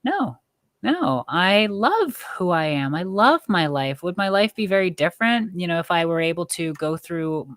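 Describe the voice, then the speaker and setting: Middle-aged woman guest, low-pitched, dry and close, earnest and reflective. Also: big pitch swings, normal speed, dry recording. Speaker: podcast guest. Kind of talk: casual interview chat.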